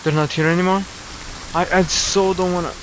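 There's background noise as this gaming YouTuber, a young Slovenian-accented man, talks a little fast in a high, fairly evenly pitched voice. Scared by the horror game he's playing, he gives jumpy commentary, swears and says things over and over.

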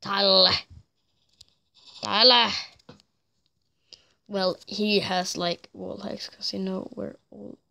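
A woman's voice: mid-range voice, level tone, unhurried, gravelly, few pauses. A woman giving casual commentary over a shooter game, frustrated, blurting short outbursts and apologizing for her swearing. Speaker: gameplay commentator.

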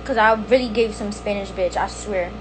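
A woman's voice: medium pitch, moderate pace, background noise. A young woman chatting casually on a phone livestream, playful and boastful, repeating phrases in a sing-song way. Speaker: livestream host.

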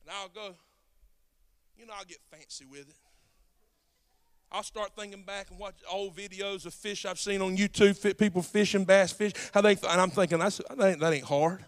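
A man with a Southern accent from South Georgia preaching a sermon as pastor, folksy and conversational, building up to shouted passages. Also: high-pitched, little pitch movement, normal speed, clean tone.

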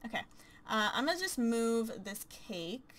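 Excitable young-sounding woman gaming commentator. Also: fairly high pitch, a little slow. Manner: chatty and excitable, gushing aloud. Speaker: let's play commentator. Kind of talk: casual gameplay commentary.

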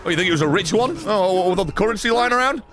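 A man doing gameplay commentary, loud and sarcastic, swearing and shouting at the game. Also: sits high, lively intonation, very fast, faint music behind. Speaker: gaming streamer.

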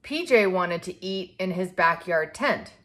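A woman reading a children's picture book aloud to a young child in a clear, expressive way. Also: fairly low pitch, a little slow. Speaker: storybook reader.

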